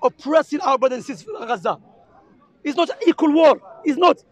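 High-pitched, impassioned Arabic-accented man. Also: animated, fairly quick, fairly bright tone. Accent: Arabic-accented English. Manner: impassioned, insistent, repeats himself. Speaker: street preacher debating a crowd. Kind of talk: heated street debate. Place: outdoors in a public park.

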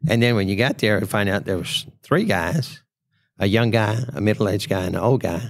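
A man's voice: on the low side, normal speed, dry recording. A man, a podcast guest telling a casual story and acting out the quotes in a raised voice. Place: trade show.

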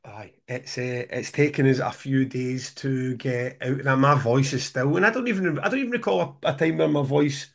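A man's voice: medium pitch, normal speed, vocal fry, hardly any pauses. A man hosting a casual podcast chat over a remote call, rambling and laughing as he talks. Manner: chatty, laughing, rambling with restarts. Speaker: podcast host.

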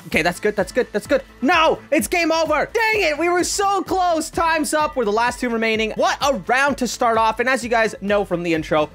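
A woman giving excitable gameplay commentary as a gaming YouTuber, often bursting into shrieks and yells. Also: fairly high pitch.

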